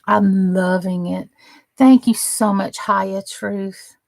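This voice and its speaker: A woman chats through a casual crafting live stream, her voice gravelly with vocal fry. She takes her time over each thought and admires every piece she holds up. The recording is close and dry, with no room sound. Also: medium pitch, fairly even intonation, slow, darkish tone, no echo. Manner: gushing and admiring, chatty asides.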